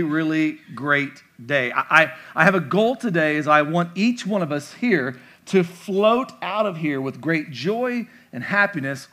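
A man's voice: a little high, fairly bright tone. A pastor delivering a conversational sermon, playfully acting out imagined replies from his listeners. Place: church sanctuary.

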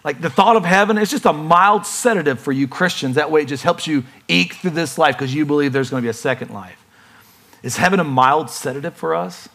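Male pastor, slightly higher voice, chatty lively sermon delivery with playful acted-out bits. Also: brisk.

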